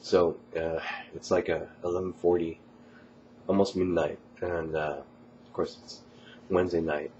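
A college student vlogger with a deep, slightly mellow voice rambles casually late at night, flat and unhurried, with many ums and uhs. He has a cold and coughs now and then; the recording is slightly muffled, with slight background noise.

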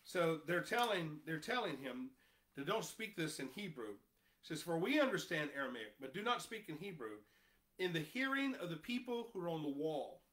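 Bright-voiced preaching pastor. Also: male voice, big pitch swings, moderate pace. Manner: impassioned, reads scripture aloud, rises in pitch and volume when stressing points; conversational asides to the congregation. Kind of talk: sermon.

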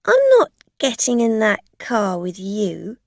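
A woman reading a storybook, voicing a bold, demanding middle-aged woman who talks in a sharp, insistent way. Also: medium pitch, lively intonation, slow pace, gravelly, no echo, studio quality.

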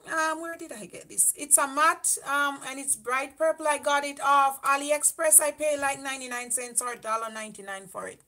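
Chatty Jamaican woman, bright high voice. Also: normal speed, few pauses. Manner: chatty, reads viewer comments aloud and answers them. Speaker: makeup vlogger on a livestream. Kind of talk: casual live-stream chat.

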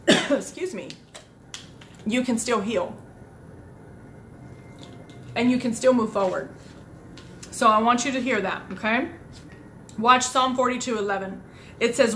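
A woman's voice: on the high side, fairly bright tone, slight background noise. Woman preaching, earnest and conversational. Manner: repetitive, conversational and emphatic, addressing the audience directly. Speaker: pastor. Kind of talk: sermon.

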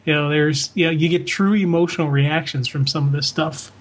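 A man's voice: on the high side, fairly even intonation, a little fast. A man co-hosting a comics fan podcast, talking in a rambling, heartfelt way with many fillers and restarts. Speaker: podcast co-host. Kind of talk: casual chat.

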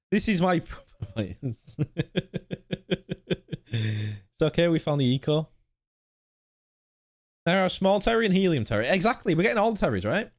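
A young man hosting a racing live stream, chatting in a rambling, casual way with his viewers. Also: mid-range voice. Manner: rambling, chatty, talks to chat. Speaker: sim racing streamer host.

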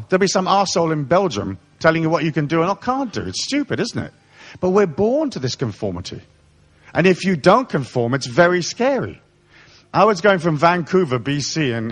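Profane, animated man giving a comic rant. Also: fairly high pitch, a little fast. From England, raised in Africa. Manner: profane, mocking, comic rant with put-on voices. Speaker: spiritual lecturer. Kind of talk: live talk to an audience.

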